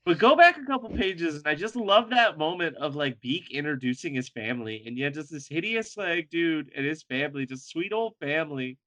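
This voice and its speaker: A man's voice: on the high side, expressive, fairly quick, hardly any pauses, a bit bright, dry recording. A man co-hosting a podcast, joking crudely about a comic and laughing often. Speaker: podcast co-host. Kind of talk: casual comic book chat.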